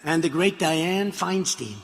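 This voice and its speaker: A man giving a campaign rally speech, rambling and mocking, repeating himself and breaking into shouts. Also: fairly high pitch, a little slow, creaky. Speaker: politician addressing a rally. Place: large rally venue. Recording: long arena reverb, faint crowd ambience.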